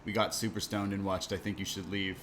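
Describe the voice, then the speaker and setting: A man co-hosting a casual wrestling podcast, animated and laughing, swearing freely as he talks. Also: sits low, fairly quick, slight background noise. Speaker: podcast co-host. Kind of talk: casual chat. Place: Toronto.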